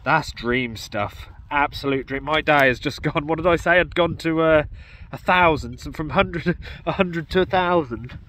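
A man's voice: on the high side, normal speed, a bit bright. An English man vlogging outdoors in a farm field, breathless and exclaiming in disbelief, with a camera mic. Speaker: metal detecting vlogger. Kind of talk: excited field vlog commentary. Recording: faint outdoor background noise.

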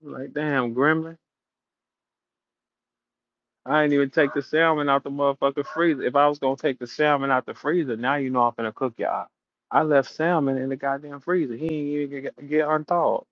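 A man's voice: medium pitch, steady tone, fast talker, dry recording, dull audio. A man hosting a battle rap audio room, telling stories and taunting a rival in a profane, casual rant. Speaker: battle rap show host.

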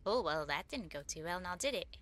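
A woman streaming a horror game, giddy and excitable, laughing often as she thanks her viewers. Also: lowish voice, brisk. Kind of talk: live gameplay commentary.

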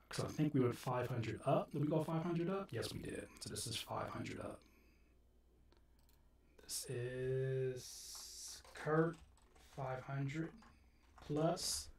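A man's voice: mid-range voice, gravelly, distant mic. Guy in his home studio singing choir parts then muttering to himself, echoey room. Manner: sings short harmony takes between quick mumbled asides. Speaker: rapper and music producer. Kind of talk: studio session vlog, singing choir takes. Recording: roomy, off-mic, loud music behind. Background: loud keyboard and organ music.

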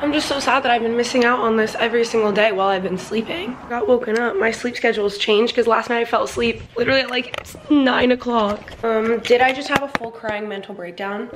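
A woman's voice: on the high side, steady tone, brisk, few pauses, noisy background. A young woman in her twenties from New Jersey, chatting to the camera in a rambling vlog style and saying "like" often. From New Jersey, USA. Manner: chatty, rambling, heavy use of "like". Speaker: vlogger. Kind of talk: casual vlog chat to camera.

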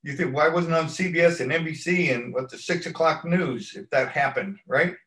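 A man's voice: fairly high pitch, brisk, a bit bright, echoey room, poor audio. A man in an interview telling a long story at an easygoing ramble, acting out what people said. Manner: rambling anecdotal delivery, acts out quoted lines. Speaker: stunt coordinator, interview guest.

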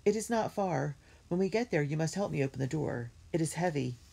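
A woman's voice: low-pitched, animated, fairly quick, vocal fry, warm tone, slightly rough, heavily acted. A woman reading a storybook aloud and voicing a caring older sister, a brave girl, in a raised, urgent voice. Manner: urgent and pleading.

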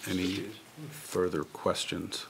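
A lower-voiced man runs a public hearing in a formal, procedural manner. He speaks into a table microphone, and there is a faint hiss behind him. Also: level tone, vocal fry, a bit bright. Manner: procedural, measured. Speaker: meeting chair.

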